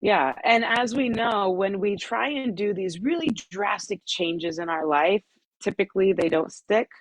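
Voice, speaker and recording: A woman's voice: medium pitch, a little slow, a little hiss or hum, low-quality recording. A woman on a group video call, giving encouraging, reassuring advice to her team.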